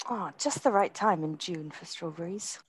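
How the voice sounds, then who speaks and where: A woman co-hosting a professional podcast, bright, friendly and chatty. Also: fairly low pitch, moderate pace, slightly rough, dry recording. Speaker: podcast co-host, lawyer.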